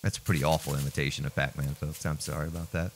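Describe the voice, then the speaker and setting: Deep-voiced, chatty let's play host. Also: male voice, level tone, quick pace, slight background noise. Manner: chatty, jokey, talks to viewers as folks. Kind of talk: casual gameplay commentary.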